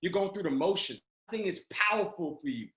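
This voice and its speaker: Man, high voice, motivational speaker, energetic, shouting at times, roomy video call sound. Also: fairly quick. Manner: energetic, exhorting, often shouting. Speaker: motivational speaker for a sales team. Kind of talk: motivational pep talk.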